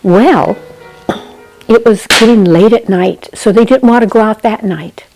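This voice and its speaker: A woman telling a children's story slowly and expressively, often dropping into a hushed whisper and turning to the listener with asides. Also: medium pitch, over music, low-quality recording. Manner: slow, gentle delivery with asides to the listener.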